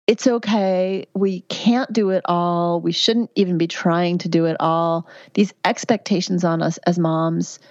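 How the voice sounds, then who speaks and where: A woman's voice: on the low side, steady tone, unhurried, few pauses, darkish tone, no room sound. A middle-aged woman, a midwife, answering interview questions in an earnest, chatty way with many fillers and restarts. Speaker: midwife and guest. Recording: dry, slightly dull lo-fi sound.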